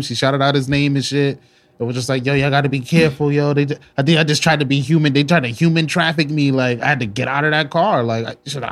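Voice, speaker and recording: A man's voice: medium pitch, fast talker. A male podcast co-host in casual chat, telling stories and acting out quotes. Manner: animated storytelling, acts out quotes.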